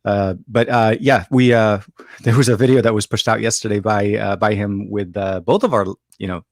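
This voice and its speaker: Man, co-host, casual chat, low pitch, rambling with fillers, dry sound. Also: steady tone, normal speed, no room sound. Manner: rambling, many fillers and restarts.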